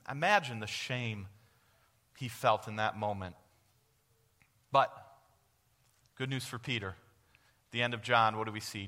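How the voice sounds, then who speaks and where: A man preaching with a bright, forceful voice, earnest and direct, often asking the congregation a question and answering it himself. His words ring out with a long reverb from the church hall around him. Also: mid-range voice. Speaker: guest preacher. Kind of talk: sermon. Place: church sanctuary.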